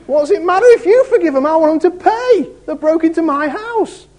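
A male preacher voicing his angry burgled brother with loud, exasperated ranting. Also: very high-pitched, lively intonation, fairly quick, pitched above the performer's own voice. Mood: fed up.

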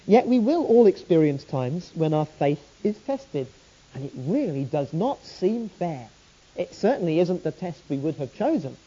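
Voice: mid-range voice, dark tone, husky. A preacher giving a sermon, telling the story with earnest rhetorical questions, on a dull lo-fi recording.

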